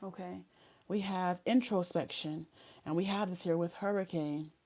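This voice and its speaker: A woman's voice: fairly low pitch, steady tone, moderate pace, dark tone. A woman giving a live tarot reading, chatting casually in slang and reading card messages aloud. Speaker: tarot reader.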